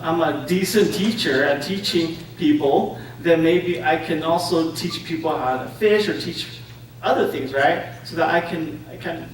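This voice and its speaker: A man giving a conference talk to an audience, telling stories and often checking in with "right?" and "okay?". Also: fairly high pitch. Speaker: conference speaker. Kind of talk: interactive lecture to an audience. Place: conference room. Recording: echoey room, distant mic, faint noise.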